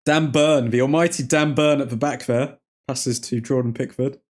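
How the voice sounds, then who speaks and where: A man's voice: mid-range voice, steady tone, normal speed. A man with an English accent casually hosting a football watchalong, chatting and reacting to viewer comments. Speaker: livestream host.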